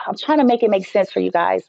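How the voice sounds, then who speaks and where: A woman's voice: mid-range voice, expressive, brisk, creaky, a little mellow, no echo. Blunt, profane woman ranting on a stream. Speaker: Reiki healer and spiritual teacher. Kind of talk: casual live-stream rant. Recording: dull, dry lo-fi sound.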